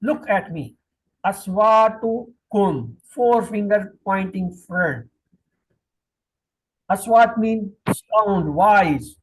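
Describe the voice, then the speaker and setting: Slow husky-voiced male Quran teacher. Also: sits high, rough recording. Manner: slow, repetitive, drilling word by word. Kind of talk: classroom language lesson.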